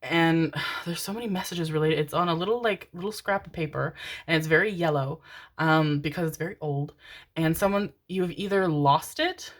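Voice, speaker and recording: A woman's voice: low voice, normal speed. A woman giving a casual pick-a-card tarot reading, chatty and rambling, often breaking into laughter.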